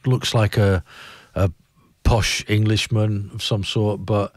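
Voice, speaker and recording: A man's voice: lowish voice, level tone, takes it slowly, no echo, clean studio sound. A man hosting a radio show, rambling wryly in casual chat, often breaking off and restarting his sentences. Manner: rambling, wry, self-interrupting. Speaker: radio host.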